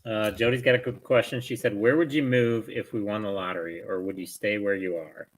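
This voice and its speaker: Man, forties, low-pitched, easygoing, rambling, casual chat. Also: steady tone, fairly quick, rough recording. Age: 40s.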